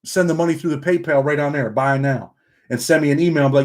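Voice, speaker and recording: A man's voice: on the high side, fast, darkish tone. A man from upstate New York with a Southern country twang, hosting a casual livestream, reading the chat aloud and tacking "man" onto the end of his sentences.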